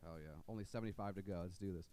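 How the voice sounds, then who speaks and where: A man's voice: low-pitched, racing, mellow. A man doing stand-up comedy, dropping dry one-liners and mock-earnest impressions. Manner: sings comic songs to guitar. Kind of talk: stand-up comedy with sung parody songs. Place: comedy club stage.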